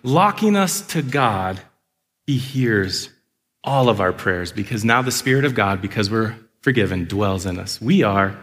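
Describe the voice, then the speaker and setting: A man's voice: lowish voice, fairly bright tone. A man in his thirties preaching as a pastor, earnest, with playful acted asides. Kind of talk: sermon. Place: church sanctuary. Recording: long reverb of a large hall.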